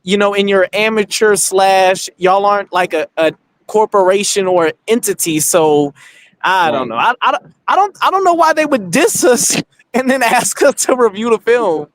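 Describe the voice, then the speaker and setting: A man's voice: sits high, expressive, moderate pace, dry recording. A man co-hosting a movie podcast in casual, rambling chat, swearing freely. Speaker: podcast co-host.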